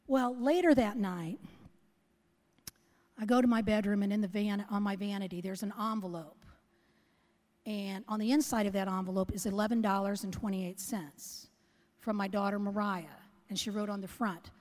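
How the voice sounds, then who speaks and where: A woman's voice: medium pitch, normal speed, a little mellow. A middle-aged woman preaching a sermon, earnest and conversational, often asking the congregation questions. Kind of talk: sermon with personal story. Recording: long hall reverb.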